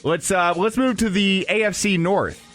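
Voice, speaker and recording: A man's voice: high voice, moderate pace, soft background music. A man hosting a casual sports talk radio show, joking and laughing as he goes through predictions. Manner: lively, joking, laughs often.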